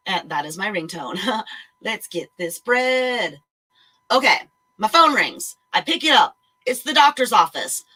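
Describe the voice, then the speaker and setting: A woman telling a story in a blunt, animated way and swearing freely. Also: mid-range voice, unhurried, breathy edge, poor audio. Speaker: vlogger. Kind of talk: casual chat, ranting story.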